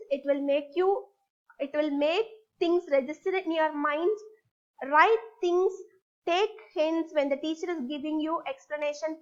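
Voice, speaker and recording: A woman teaching a recorded lesson, slowly guiding her class with repeated prompts and questions. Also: high voice, muffled recording. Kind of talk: recorded online English lesson.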